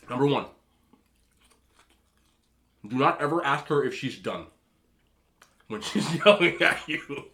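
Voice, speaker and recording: Animated man lecturing with emphatic warnings. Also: mid-range voice. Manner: emphatic, animated advice to men; storytelling with repeated disapproving hums. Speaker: mukbang vlogger. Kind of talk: casual chat while eating on camera.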